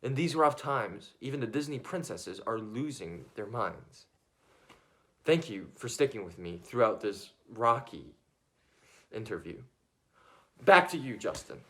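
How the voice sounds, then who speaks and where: A man's voice: on the low side, expressive, measured pace, long pauses, fairly bright tone. A man playing an awkward, hesitant reporter in a comedy news sketch. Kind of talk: mock news interview.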